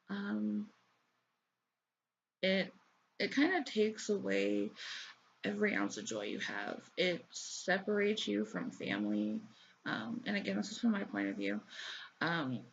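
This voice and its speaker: A young woman talks in a halting, emotional confessional manner, her voice full of gravelly fry. The recording is dull and lo-fi. A faint hiss of noise sits under her words. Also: medium pitch, lively intonation. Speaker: vlogger. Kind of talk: personal confessional talk.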